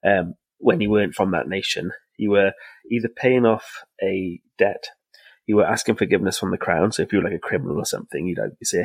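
A man's voice: low voice, a little fast, husky, no room sound, poor audio. Guy rambling through history. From Wales. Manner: rambling, many fillers and restarts, laughs often. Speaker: podcast co-host. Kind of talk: casual history podcast chat.

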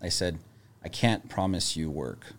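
Low-voiced man telling a story. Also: unhurried. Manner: storytelling, calm and level-headed. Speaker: business owner, guest. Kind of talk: casual podcast chat.

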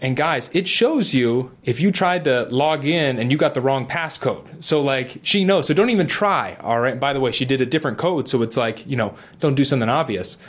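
A middle-aged man earnestly telling his own recovery story in a talk, animated and acting out his inner voice. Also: mid-range voice, brisk, few pauses. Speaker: guest sharing recovery story. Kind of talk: earnest personal testimony.

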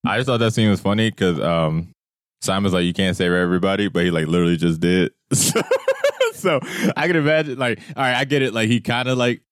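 A man's voice: on the low side, fairly quick, no room sound, clean studio sound. A man co-hosting a podcast, chatting casually about a film and mimicking sound effects and voices. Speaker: podcast co-host. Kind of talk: casual movie chat.

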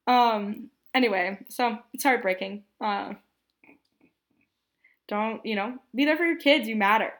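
A woman's voice: a little high, moderate pace. A young adult woman hosting a casual movie podcast, chatty and rambling, laughing often. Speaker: podcast host.

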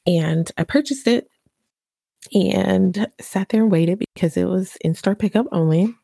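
A woman's voice: medium pitch, a little slow, vocal fry, dark tone, slightly rough, no room sound, studio quality. A young woman, a mother, chatting casually in a motivational vlog, laughing and telling a story with dramatic flair. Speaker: vlogger, mother.

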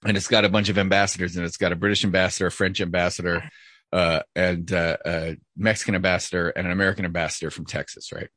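A man's voice: deep voice, level tone, fast talker, pushed and bright, dry recording, studio quality. A married man hosting casual joke-telling banter, running the lineup and restarting his sentences as he goes.

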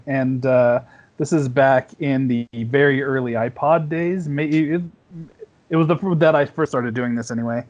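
A man's voice: mid-range voice, a little mellow, muffled recording. A man who is a guest in a casual podcast chat, telling a rambling anecdote with restarts and fillers.

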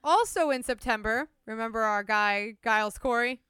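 A woman's voice: a little high, normal speed, clean tone, no echo. A young woman co-hosting a podcast, telling a story in casual chat and laughing often. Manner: laughs often, lively narration. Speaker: podcast co-host.

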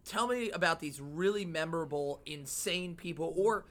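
A man's voice: fairly high pitch, normal speed, fairly bright tone. A man hosting a casual podcast interview, joking and swearing as he asks his guest questions. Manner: jokey, profane, asks questions playfully. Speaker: podcast host.

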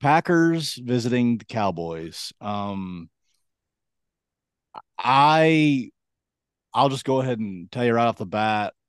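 A man co-hosting a podcast, talking through his picks in a rambling, halting way with lots of ums. His voice is a touch hoarse, and the sound is close and dry with no room around it. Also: mid-range voice, animated, no room sound. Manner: rambling, hesitant with many ums. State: voice going hoarse. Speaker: podcast co-host. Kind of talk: casual sports chat.

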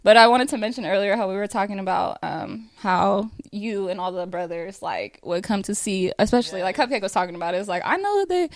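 Woman, AAVE speaker, emotional family tribute, halting and teary with nervous laughs, close dry recording. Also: medium pitch, expressive, no echo. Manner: tearful, laughing through emotion, many fillers. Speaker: family member giving a thank-you speech. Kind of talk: emotional casual speech.

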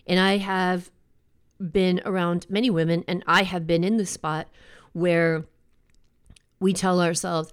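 A woman hosting a show, giving an earnest, reflective motivational talk in a conversational way, slowing down to stress key words. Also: lowish voice. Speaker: podcast host.

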